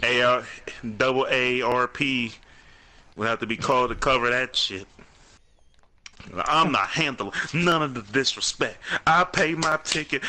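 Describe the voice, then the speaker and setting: Here a podcast co-host speaks at a moderate pace in a mid-range voice with a sharp edge. He chats casually, swearing a lot, laughing, and trading mocking jabs.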